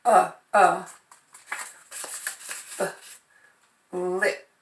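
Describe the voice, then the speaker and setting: A woman's voice: lowish voice, little pitch movement, very slow, slight background noise. A woman teaching first graders phonics, patiently sounding out letters and syllables. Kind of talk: remote phonics lesson. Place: home. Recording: echoey room.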